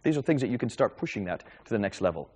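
Animated quick-talking male lecturer. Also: fairly low pitch, slightly rough. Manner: animated, lively storytelling with quick repetitions. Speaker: Christian speaker taking audience questions. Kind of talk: lecture with audience Q&A.

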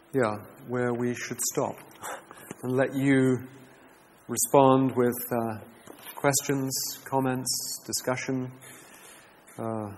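A man teaching a class, earnest and measured, reading a letter aloud and reflecting on it. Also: mid-range voice, darkish tone. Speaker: teacher leading a class discussion. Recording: echoey hall with faint background noise.

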